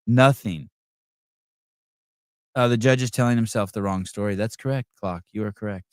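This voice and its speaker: A man's voice: lowish voice, moderate pace, clear, resonant tone, dry recording, studio quality. A man hosting a live podcast, reacting to videos in a blunt, profane rant. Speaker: podcast host.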